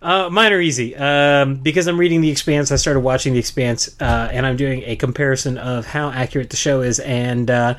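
A man's voice: mid-range voice, fairly even intonation, brisk, few pauses, fairly bright tone. A man with a mid-range voice chats on a casual podcast. He is enthusiastic and talks loosely, with plenty of fillers. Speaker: podcast co-host. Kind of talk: casual chat.

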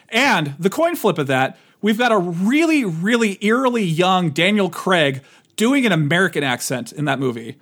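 A man co-hosting a casual chat, animated and rambling, his voice jumping up when he gets excited. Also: high-pitched. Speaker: podcast co-host.

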